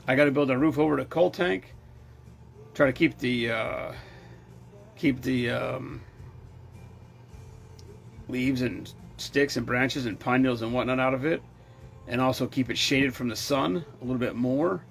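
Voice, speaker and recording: A man's voice: medium pitch, moderate pace, creaky, pauses often. A man hosting a casual chat show, talking bluntly and teasing his co-host.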